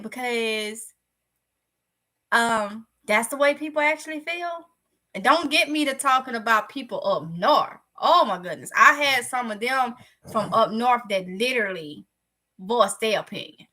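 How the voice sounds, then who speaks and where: A woman's voice: a little high, slow. A woman from Mississippi with a Southern accent, casually telling her viewers a story in a candid, chatty vlog. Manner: chatty, candid, lively retelling. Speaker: vlogger.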